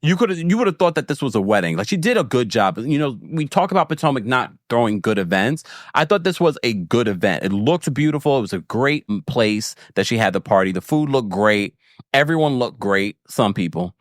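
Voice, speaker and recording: Male podcast host, mid-pitched, very expressive delivery, dry sound; playful and frank, like a big brother to his audience. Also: a little fast, no echo. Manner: animated and playful, with frequent laughs and asides. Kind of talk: casual TV recap commentary.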